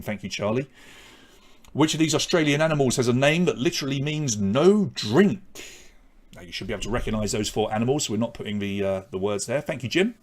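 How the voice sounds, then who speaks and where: A man hosting a live online pub quiz, reading out questions and scores in a chatty, self-deprecating way. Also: mid-range voice.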